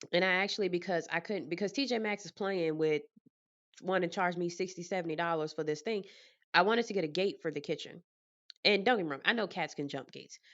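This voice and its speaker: A lower-voiced woman chats casually to camera from her apartment, telling stories with plenty of life and frequent laughter. The recording is a bit dull and lo-fi. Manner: animated, laughing storyteller. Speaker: vlogger.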